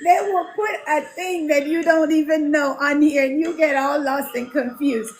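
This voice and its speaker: Hosting a casual livestream, a woman with a high-pitched, steady voice talks at a normal speed, reading viewers' comments aloud and greeting them by name. She laughs a lot. She's also a mentor for home care businesses.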